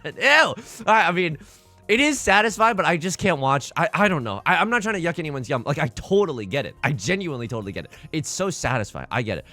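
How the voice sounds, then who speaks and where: Animated young man joking over a game. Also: mid-range voice, quick pace, faint music behind. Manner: animated, self-deprecating, jokey. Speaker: mahjong streamer. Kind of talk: casual let's-play commentary.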